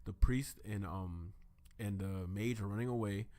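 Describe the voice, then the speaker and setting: A man's voice: fairly low pitch, a little slow, mellow. A man co-hosting a podcast, casually recapping an anime episode and acting out scenes with silly voices. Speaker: podcast co-host.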